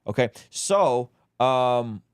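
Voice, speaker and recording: A man's voice: mid-range voice, smooth, no room sound, clean studio sound. A man hosting a casual livestream, talking animatedly and bantering with his co-host. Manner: animated, quick to laugh, banter-driven.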